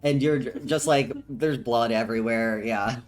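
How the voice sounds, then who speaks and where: A woman narrating as game master of a tabletop game, relaxed and chuckling, with frequent ums. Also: extremely low pitch, moderate pace.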